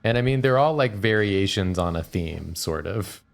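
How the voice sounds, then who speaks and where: A man from Georgia, co-hosting a game stream and telling stories in a relaxed, chatty way. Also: sits low, normal speed, creaky. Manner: relaxed storytelling. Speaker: co-host. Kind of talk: casual let's-play chat.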